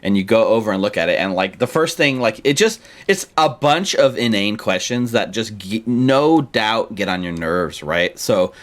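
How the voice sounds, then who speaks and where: A man's voice: fairly low pitch, expressive, moderate pace, hardly any pauses. A man running a tabletop game over a voice call, narrating loosely and casually with lots of fillers and laughs. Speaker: game master.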